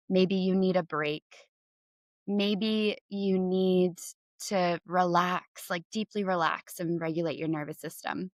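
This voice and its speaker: A young woman hosting a podcast, talking earnestly with many "like"s and leading a gentle breathing exercise. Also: on the low side, no room sound. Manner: warm, earnest, says "like" often. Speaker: podcast host and coach. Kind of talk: casual talk with guided breathing.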